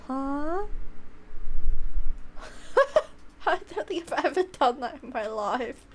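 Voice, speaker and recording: High-pitched woman streaming a game, rambly and laughing at herself, light hum behind. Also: sing-song, slow pace, long pauses. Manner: giggly, rambling, self-mocking. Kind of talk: casual gameplay commentary.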